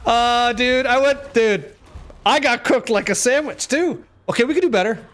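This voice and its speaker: A man with a notably high speaking voice narrates his game for a live chat. He is excitable and playful, swearing casually as he reacts to the action. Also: takes it slowly. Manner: excitable, joking, swears freely. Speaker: game streamer. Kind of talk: live gameplay commentary with chat.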